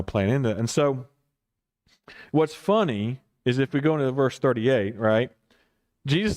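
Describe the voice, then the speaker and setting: A man leading a casual Bible study as pastor, rambling and correcting himself with chuckling asides. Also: medium pitch.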